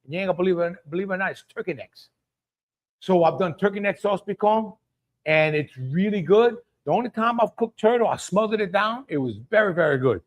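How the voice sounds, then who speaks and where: A man's voice: high voice, animated, a little fast, muffled recording. Folksy Cajun man cooking live. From Louisiana. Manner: folksy, greets viewers by name, chuckles. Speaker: cooking show host. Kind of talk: live-streamed cooking chat.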